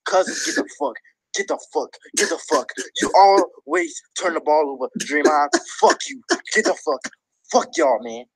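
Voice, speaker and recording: A man's voice: high voice, big pitch swings, moderate pace, gravelly, low-quality recording. A man sports fan in a comedy sketch, ranting furiously and swearing.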